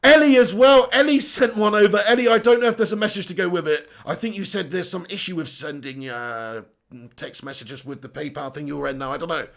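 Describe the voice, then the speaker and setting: A high-pitched man hosts a live stream, his voice gravelly with creak. He talks in an excitable, laughing way, full of swearing banter as he reads out viewers' messages. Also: brisk.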